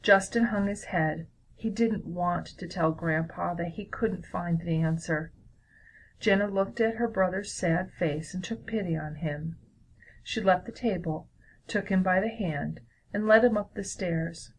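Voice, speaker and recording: A woman reading a children's story aloud in a steady, clear way. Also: lowish voice, measured pace, a little hiss or hum, poor audio.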